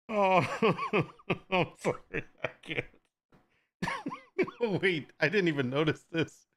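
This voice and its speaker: Laughing, animated live-stream host. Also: mid-range voice, drawn-out words, pauses often. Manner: laughs often while reacting to photos; reads viewer requests aloud. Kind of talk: casual live-stream chat.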